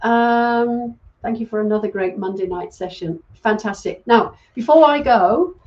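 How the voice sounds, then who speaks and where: A woman's voice: on the high side, unhurried, lo-fi sound. A middle-aged British woman raised in Wales, a medium hosting a casual livestream and reading out viewer comments with many ums. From UK, born in England, grew up in Wales. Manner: chatty, warm thanks, frequent ums. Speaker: host, psychic medium reading live comments.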